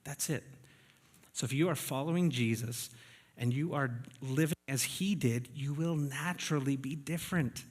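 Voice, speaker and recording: A man's voice: mid-range voice, normal speed. A man preaching a sermon to his congregation in a church, conversational and often checking in with the room. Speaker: pastor. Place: church sanctuary. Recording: reverberant church hall.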